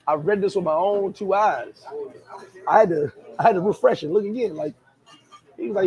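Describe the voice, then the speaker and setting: A man, chatting casually as a vlogger, reading viewer comments and telling stories in an animated, laughing, slangy way. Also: sits high, moderate pace, pauses often, muffled recording. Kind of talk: casual chat.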